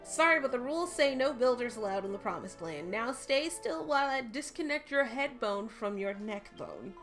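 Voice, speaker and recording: A bossy skeleton guard barks stern orders and questions, as a woman puts on a lowered voice. Faint game music plays behind the reading. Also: animated, moderate pace, a bit bright.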